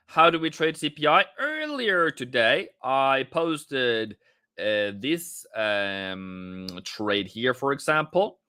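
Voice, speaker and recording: A playful man runs a live trading stream, jumping from dry market readouts to silly cheers. His pitch swings widely and he speaks at an unhurried pace. The sound is close and dry, with little room echo. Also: smooth. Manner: playful, jokey, breaks into excited chanting.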